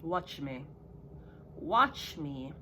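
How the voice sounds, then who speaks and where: A woman's voice: deep voice, big pitch swings, extremely slow, pushed and bright, a little hiss or hum. A woman with a Jamaican accent ranting heatedly to her viewers, profane and switching between patois and standard English. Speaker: vlogger. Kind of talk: unscripted rant to viewers.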